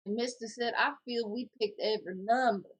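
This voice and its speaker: A woman co-hosting a casual podcast, reading viewer comments aloud in a jokey, animated way. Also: fairly high pitch, a little fast, breathy edge.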